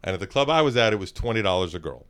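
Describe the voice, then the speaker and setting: A man's voice: lowish voice, lively intonation, very fast, clean tone. A man who is a podcast guest in casual chat, telling loose stories about his old job as a club DJ and swearing freely.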